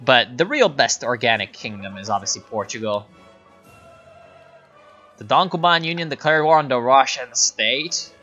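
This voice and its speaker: A young man whose first language is Italian talks casually over a strategy-game livestream, reading out his chat and joking as he plays. His voice is bright and forward. The audio is slightly dull, with faint game music underneath. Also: medium pitch, lively intonation, normal speed, long pauses. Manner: chatty, joking, reads chat aloud. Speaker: gaming streamer. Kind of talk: casual live game commentary.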